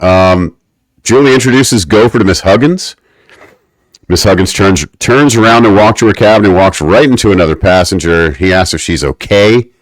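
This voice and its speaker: A man's voice: deep voice, moderate pace, no echo. A man co-hosting a podcast, recapping an episode in a wry, mock-academic way. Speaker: podcast co-host. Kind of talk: casual podcast recap chat.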